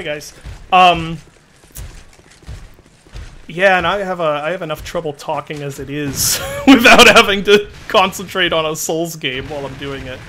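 A man streaming a game, with an unusual, odd-sounding voice that sits a little high and rings bright. He rambles in a self-deprecating way and breaks off to exclaim at his in-game mishaps. Light background noise sits behind him. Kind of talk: casual chat while playing a game.

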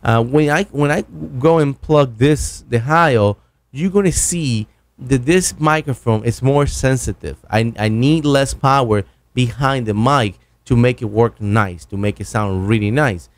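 A man's voice: medium pitch, unhurried. Man in a home studio, loose and enthusiastic, talks gear, trips over his words, close on a broadcast mic. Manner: rambling, self-correcting, enthusiastic. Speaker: podcaster reviewing microphones. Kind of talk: casual gear review. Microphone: broadcast dynamic mic, close.

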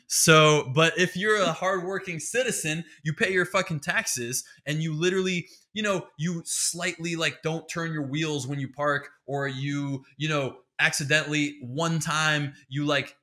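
A man's voice: on the high side, normal speed, hardly any pauses, sharp tone. A man hosting a podcast, ranting in a heated, sarcastic comedic monologue full of swearing. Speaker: podcast host.

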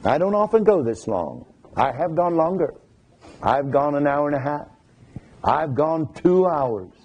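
A man's voice: on the high side, big pitch swings, unhurried, darkish tone, lo-fi sound, slight background noise. A male pastor preaching a sermon, reading scripture aloud in a formal cadence and breaking into folksy asides to his congregation.

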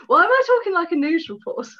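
A woman, an actress, chatting as a guest over a video call, giggly and self-mocking. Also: extremely high pitch. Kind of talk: casual interview chat. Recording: dull lo-fi video call audio.

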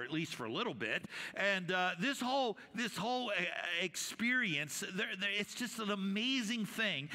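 A man's voice: high-pitched, pushed and bright. A man preaching a conversational sermon as senior pastor, with frequent fillers and restarts. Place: church sanctuary. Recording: reverberant church hall.

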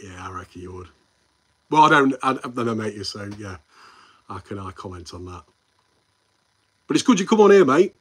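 A man with a Midlands English accent chats through a casual live stream and keeps calling his viewers mate. His voice is a little husky. He rambles between topics and reads comments out before answering them. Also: fairly low pitch, very animated, normal speed, long pauses, a bit bright. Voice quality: friendly banter with viewers, calls them mate.

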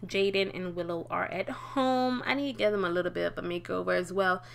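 A woman's voice: moderate pace, vocal fry, few pauses, faint music behind. Young woman, casual gameplay commentator, talkative, talks back to the screen. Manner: chatty, talks to the game characters, bursts of excited high pitch. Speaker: let's play gamer.

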